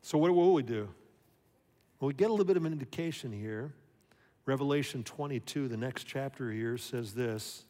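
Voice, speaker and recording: Animated preaching man in a reverberant hall. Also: medium pitch, moderate pace. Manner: conversational, animated, rhetorical questions. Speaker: pastor. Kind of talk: sermon.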